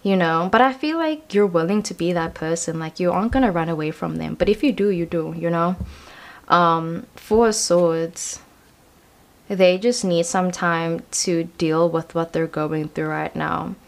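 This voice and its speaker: Young female tarot reader, slightly low pitch, casual, reassuring, rambling delivery. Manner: chatty, reassuring, lots of "you know" and "um". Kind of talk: casual pick-a-card tarot reading.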